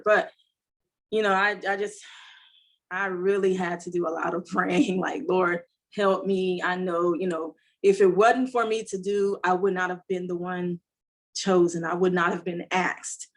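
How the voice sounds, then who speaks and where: A woman's voice: lowish voice, fairly even intonation, moderate pace. A woman entrepreneur telling a heartfelt story in an interview, rambling with many fillers. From United States. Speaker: entrepreneur guest. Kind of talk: emotional conversational interview.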